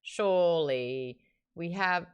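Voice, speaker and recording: A woman hosting a book club livestream, chatty and animated as she jumps between topics. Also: on the low side, slow pace, clear, resonant tone. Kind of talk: casual livestream chat.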